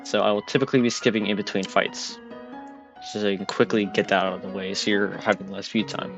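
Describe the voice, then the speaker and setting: A man's voice: fairly low pitch, little pitch movement, a little fast, lo-fi sound. A man giving casual, self-deprecating commentary while playing a video game. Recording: game music underneath.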